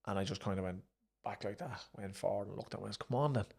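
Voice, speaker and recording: Rapid-fire speech in a fairly low, creaky, slightly rough voice marks this middle-aged Irishman. The former pro boxer and promoter shares fight stories casually in an interview, lively and re-enacting quotes loudly.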